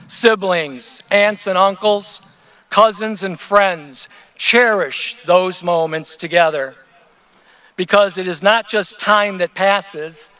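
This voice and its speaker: High-voiced man giving a slow, earnest speech. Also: a bit bright. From Ohio, USA. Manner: earnest, measured delivery with rhetorical lists. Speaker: teacher giving commencement speech. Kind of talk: prepared ceremonial speech. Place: outdoor stadium.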